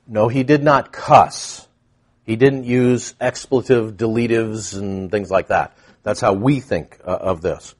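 A man's voice: mid-range voice, husky. A man preaching a conversational sermon to a congregation, teaching with frequent asides and questions. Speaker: pastor.

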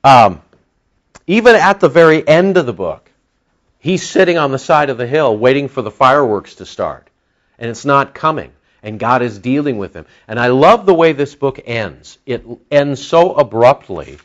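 A man's voice: mid-range voice, normal speed. Man preaching, voice swings up and down a lot, kinda dull muffled recording. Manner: animated, conversational preaching with dramatic quoted voices. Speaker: pastor. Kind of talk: sermon. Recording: dull lo-fi sound.

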